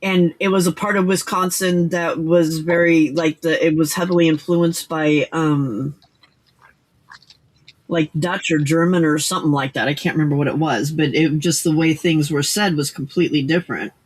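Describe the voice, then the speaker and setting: A woman's voice: deep voice, steady tone, normal speed. An older woman hosting a casual late-night crafting livestream, rambling with many fillers and restarts.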